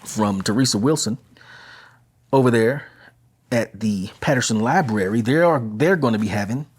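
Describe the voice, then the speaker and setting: A man's voice: mid-range voice, normal speed, husky. Man, casual podcast host, chatty and easygoing, recorded at home. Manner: laid-back, chatty, talks straight to listeners. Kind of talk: casual community announcements.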